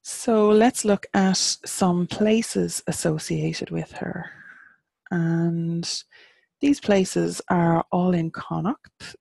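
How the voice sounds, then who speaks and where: A woman with an Irish accent giving a casual online lesson, patiently spelling out words and slowing down to model pronunciation, and blunt in her opinions. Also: on the low side, vocal fry, warm tone, no room sound. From Ireland. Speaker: teacher of Irish pagan studies.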